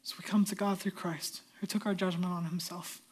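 A middle-aged male pastor preaching a sermon, swinging from loud emphatic peaks down to hushed near-whispers. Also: high-pitched, flat delivery, brisk, slightly rough.

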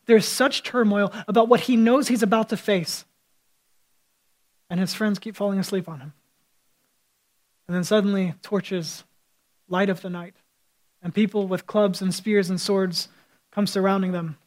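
High-voiced man preaching a vivid sermon. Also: fairly even intonation, measured pace, long pauses, poor audio. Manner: vivid storytelling, retelling scripture with quoted speech. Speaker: pastor.

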